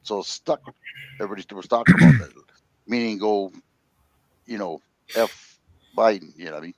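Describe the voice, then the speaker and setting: An older man in his sixties tells rambling stories and cracks jokes in a casual group chat. His voice sits low and sounds dry and close, picked up on a phone. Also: expressive, normal speed, no echo. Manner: joking, rambling storyteller. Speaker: host.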